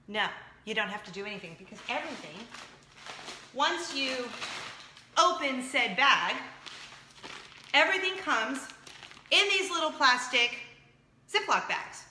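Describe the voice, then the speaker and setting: A woman in her thirties hosting a casual chat show, excitable and jumping from point to point. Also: sits high, a little slow, long pauses, roomy sound, slight background noise. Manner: chatty, excitable, jumps around. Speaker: show host.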